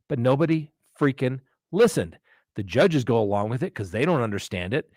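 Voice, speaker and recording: A man's voice: medium pitch, expressive, fairly quick, no room sound, studio quality. A man hosting a live crime-talk stream, speaking like a defense attorney, with emphatic, ranting delivery and mocking quoted voices. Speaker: host. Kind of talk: live true-crime commentary.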